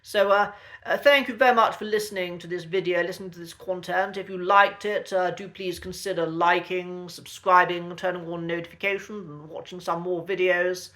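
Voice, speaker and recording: Bright-voiced man, hesitant chatty lesson. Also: high voice, fairly even intonation. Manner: hesitant, with frequent ums and uhs and restarts; polite, measured and chatty. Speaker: accent coach. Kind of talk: casual spoken lesson to camera.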